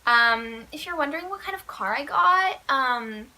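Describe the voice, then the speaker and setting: Teen girl doing a storytime vlog, high voice, says like a ton, super animated. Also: moderate pace. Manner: chatty, fillers of "like", animated retelling. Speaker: vlogger.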